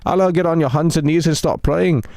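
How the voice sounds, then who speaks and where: A man's voice: medium pitch, moderate pace, darkish tone, no echo, lightly acted. A male streamer putting on a cheeky mock-British bloke voice, tacking "mate" and "cheers" onto nearly every line in bouncy, teasing live-stream banter.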